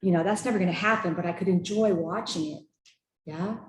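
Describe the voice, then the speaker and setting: Animated woman telling a story, echoey hall. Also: lowish voice, fairly quick, slight background noise. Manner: animated, laughing, with acted-out quotes. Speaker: church member sharing a story. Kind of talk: personal storytelling at a church gathering. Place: church hall.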